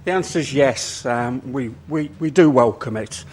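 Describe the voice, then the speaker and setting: A man, a council portfolio holder, out of breath, answering questions at a council meeting in a halting way full of ums and restarts. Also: medium pitch, a little mellow, breathy edge.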